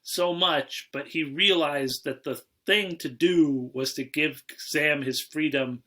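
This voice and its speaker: A man co-hosting a casual podcast about movies, rambling with frequent restarts and trailing off quietly. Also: fairly high pitch, slow pace. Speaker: podcast co-host.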